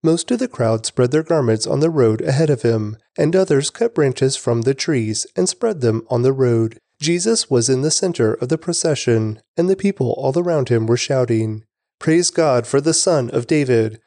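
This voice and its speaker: A man narrating a scripture reading in a steady, measured way. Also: mid-range voice, no room sound, clean studio sound.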